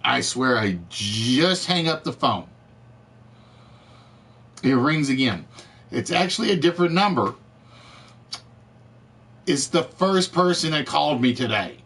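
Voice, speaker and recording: A man hosting a live game show stream, ranting to his chat in an animated, exasperated way, his voice cracking. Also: a little high, a little slow, long pauses, slightly rough. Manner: animated, exasperated storytelling with repetitions. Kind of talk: casual rant to live chat.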